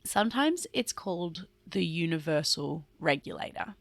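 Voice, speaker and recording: A woman's voice: deep voice, very animated, moderate pace, creaky, no echo. A woman hosting a solo podcast, talking earnestly and explaining things in a chatty way with some fillers. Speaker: podcast host and parent.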